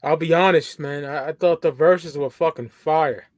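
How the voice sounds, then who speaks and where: A man joins a casual music podcast, reacting with eager, blunt enthusiasm and plenty of swearing. His voice sits fairly high. The recording is dry. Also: steady tone, normal speed, dry recording. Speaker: podcast co-host. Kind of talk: casual music review chat.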